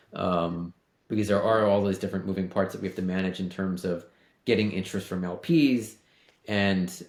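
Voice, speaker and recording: Low-voiced man in a roomy echo. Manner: steady, thinks aloud with many restarts. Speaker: podcast co-host. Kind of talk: casual business chat.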